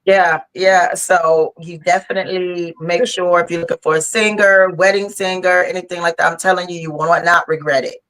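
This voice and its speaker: Young female guest, bright clear voice, lively storyteller. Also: on the low side, moderate pace, hardly any pauses, rough recording. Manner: animated storyteller, laughs through her stories. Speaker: podcast guest, singer. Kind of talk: casual chat.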